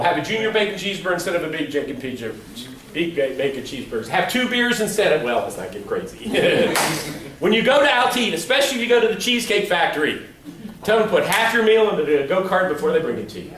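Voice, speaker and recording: A middle-aged man with a fairly high voice gives a joking motivational talk to a crowd. He is picked up from far off in a big echoey hall, with faint room ambience behind him. His storytelling is playful and full of acted-out quotes. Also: fairly bright tone, a little hiss or hum. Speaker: motivational speaker. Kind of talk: humorous keynote speech. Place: large hall before a live audience.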